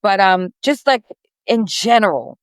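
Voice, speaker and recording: A woman's voice: mid-range voice, lively intonation, measured pace, no room sound. A woman guest on a business podcast, chatting in a rambling, friendly way with many restarts. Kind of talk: casual interview chat.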